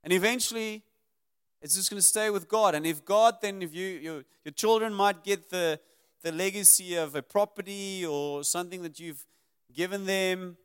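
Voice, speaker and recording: A man's voice: sits high, moderate pace, clean tone. A man preaching a sermon to a live congregation, earnest, building emphasis through repeated lists.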